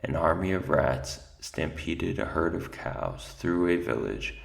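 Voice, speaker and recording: A man reading aloud gives voice to an ancient male mouse archivist, doddering and forgetful, muttering little asides before settling into a grave recital. The voice sits very low and heavily gravelly. It is a storybook character, not a stage performance. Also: animated, a little slow, exaggerated voice.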